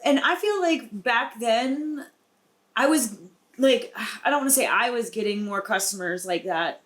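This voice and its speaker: A woman's voice: a little high, lively intonation, a little slow, fairly bright tone. A young woman co-hosting a podcast, reminiscing in casual chat with frequent ums. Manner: chatty, reminiscing, many fillers like um. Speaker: podcast co-host, dancer.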